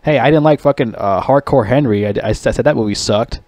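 A man's voice: mid-range voice, brisk, darkish tone, no echo. A man giving a casual, rambling movie review, swearing a lot and laughing at his own jokes. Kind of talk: casual rant.

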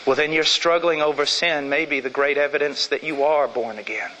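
A man's voice: fairly high pitch, fairly even intonation, a little fast, pushed and bright, big-room sound, a little hiss or hum, rough recording. A man preaching a sermon, emphatic, repeating key phrases to drive them home.

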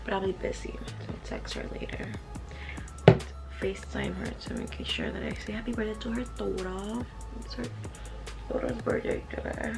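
A young woman talking casually in a vlog, chatty and profane, thinking out loud. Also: medium pitch, huge pitch swings, moderate pace, vocal fry, loud music behind the voice. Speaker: vlogger.

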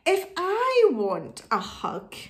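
A woman's voice: extremely high pitch, huge pitch swings, very slow, pitched above the performer's own voice, exaggerated voice. A woman voicing a wise old owl in a storybook reading, prim and cross.

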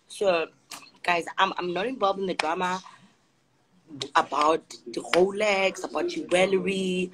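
A woman's voice: on the low side, unhurried, slight background noise, rough recording. A young South African woman with a South African accent, hosting a casual live stream as a sassy straight talker who keeps calling viewers honey. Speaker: Instagram live host. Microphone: phone.

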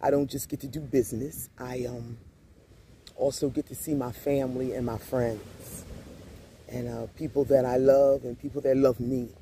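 Speaking at a moderate pace in a medium-pitched voice, a vlogger from Grenada casually tells his audience stories while at the beach, using "y'all" and repeating phrases in a laid-back manner. A faint hiss or hum runs through the audio.

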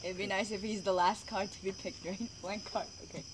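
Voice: mid-range voice, fairly even intonation, brisk. A player chatting and laughing often during a card game in a backyard at night, recorded among a noisy group with crickets chirping. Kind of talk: casual chat. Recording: noisy crowd, crickets outdoors.

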